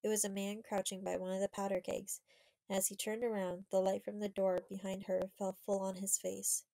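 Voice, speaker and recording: A woman reading a children's historical novel aloud in a measured, steady way. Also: mid-range voice, vocal fry, dry recording, poor audio. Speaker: audiobook reader. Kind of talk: storybook narration.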